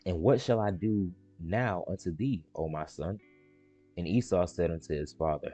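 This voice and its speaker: A man on a live stream reading the Bible aloud and explaining it in casual slang, repeating words and jumping into high excited voices for the characters. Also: normal speed, faint music behind. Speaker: stream host reading scripture.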